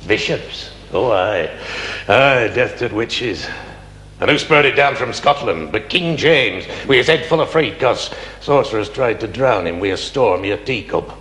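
A brooding magistrate. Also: male voice, mid-range voice, animated, unhurried, fairly bright tone. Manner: declamatory, rhetorical questions. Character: stern, brooding male county magistrate. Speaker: magistrate addressing a jury. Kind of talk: 1970s television drama acting. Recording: echoey reverberant old film sound.

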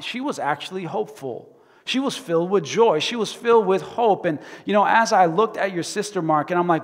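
A male pastor preaching a sermon dramatically, swinging from loud to hushed. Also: sits high, lively intonation, fairly quick. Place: church sanctuary. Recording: reverberant church sanctuary.

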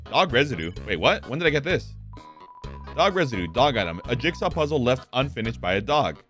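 A man streaming a video game, reading the on-screen text aloud and reacting with excitable, profane commentary. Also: mid-range voice, fairly quick, soft background music. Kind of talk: casual gameplay commentary.

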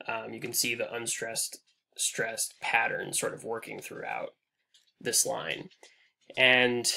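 A man teaching a recorded online lecture over slides, casual and full of "um"s, his phrases trailing off quietly at the ends. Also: mid-range voice, creaky. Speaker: English instructor.

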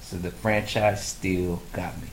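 A man's voice: low voice, measured pace, echoey room, slight background noise, poor audio. A man casually ranting in a movie review, swearing freely and acting out his own reactions. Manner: profane, animated storytelling, mimics his own reactions. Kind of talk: casual rant.

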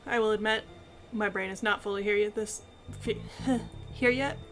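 A woman's voice: mid-range voice, steady tone, moderate pace, fairly bright tone. A woman streaming a video game, chatty and self-mocking, laughing at herself. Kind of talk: casual gameplay commentary. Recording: game music underneath. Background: game music.

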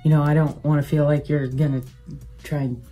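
A woman's voice: low voice, level tone, a little fast, warm tone, faint music behind. A woman beauty vlogger chatting casually and rambling while she does her makeup, with many fillers.

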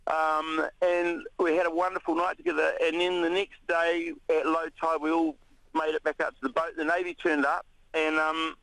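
A New Zealand man, a radio interview guest, recounting an ordeal in a halting way with many restarts. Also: on the high side, creaky, dry recording, rough recording. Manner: halting, many restarts, animated when retelling shouts.

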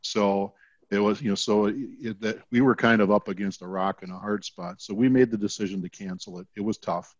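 A man explaining a fire department decision in a measured, hesitant way. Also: on the low side, fairly even intonation, no room sound, dull audio. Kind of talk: video call panel discussion.

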